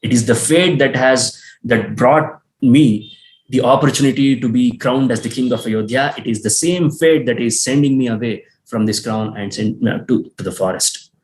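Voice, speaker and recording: A man giving voice to a calm young prince, speaking in a measured, resigned way at a middling pitch. The voice carries a roomy echo. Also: natural voice.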